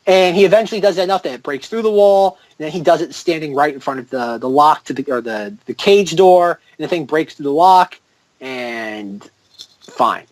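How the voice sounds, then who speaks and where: Higher-voiced man recapping a film. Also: moderate pace, dry recording, low-quality recording. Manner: rambling, filler-heavy recaps with mocking quoted lines. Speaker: podcast co-host. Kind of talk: casual chat.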